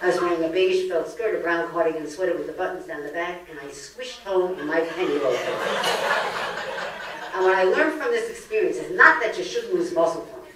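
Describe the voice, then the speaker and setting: An older woman from Brooklyn, New York, speaks in a lowish voice at a brisk clip, delivering a comedic lecture packed with jokes and stories. She's a lively, joke-telling storyteller in a library meeting room, caught on a distant mic in an echoey space with heavy background noise.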